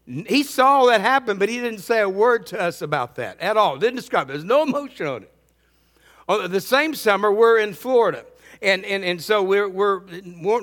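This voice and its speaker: Earnest middle-aged pastor in a reverberant hall. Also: male voice, high voice, fairly bright tone. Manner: repeats words often, earnest. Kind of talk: sermon.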